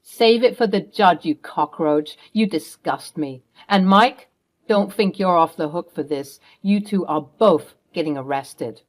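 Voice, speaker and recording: A woman voicing a protective middle-aged mother who confronts her husband firmly. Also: on the low side. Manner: firm, accusing, commanding.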